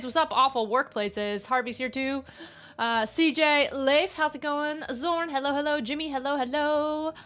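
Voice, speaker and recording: A woman's voice: sits high, a bit bright. A woman hosting a casual live stream, playful and giggly, greeting her chat by name.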